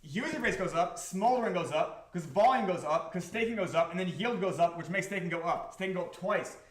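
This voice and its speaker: A man hosting a livestream about his crypto project, talking to the chat in an excitable, profane, repetitive way. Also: high-pitched, brisk, echoey room. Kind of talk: livestream talk to a chat audience.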